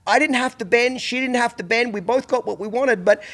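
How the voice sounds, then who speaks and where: A man's voice: extremely high pitch, a little fast, fairly bright tone. A middle-aged man hosting a podcast, telling blunt, profane stories in casual chat. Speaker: podcast host.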